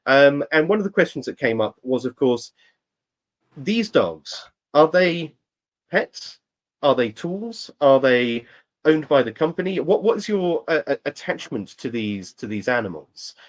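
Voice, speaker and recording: A man hosting a conversation, his pitch moving a lot as he works through long, meandering questions. He restarts his sentences often and keeps the tone casual. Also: a little slow. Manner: lively, rambling questions with restarts. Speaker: podcast host.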